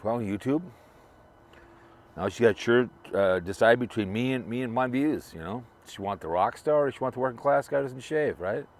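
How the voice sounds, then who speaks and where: A man's voice: mid-range voice, moderate pace. A man talking in a loose, rambling way, repeating himself while he drives and remembers a friend. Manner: rambling, repetitive, restarts a lot. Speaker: vlogger remembering a late fellow creator. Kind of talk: casual rambling monologue.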